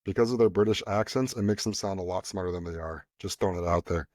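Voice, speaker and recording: A man's voice: deep voice, fast talker, a little mellow, dry recording, studio quality. A man co-hosting a podcast, talking casually in a blunt, joking and emphatic way. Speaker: podcast co-host. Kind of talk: casual chat.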